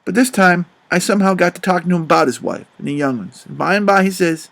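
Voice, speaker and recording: A man narrating an audiobook of a classic novel in a soft, measured storytelling manner. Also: high voice, vocal fry.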